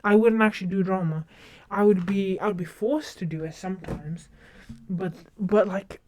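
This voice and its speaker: A woman's voice: mid-range voice, moderate pace, darkish tone, slight background noise. A young woman chatting casually on a livestream, rambling along and often restarting her sentences. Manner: rambling, self-interrupting with many restarts. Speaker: streamer.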